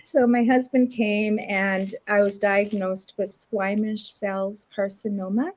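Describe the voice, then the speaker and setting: A middle-aged woman from Canada tells her own story to an interviewer in relaxed, everyday speech. She brings other people in to life by quoting them, jumping up into livelier voices for them. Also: mid-range voice, slow. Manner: animated retelling with lots of acted quotes. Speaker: interview guest. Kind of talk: casual storytelling.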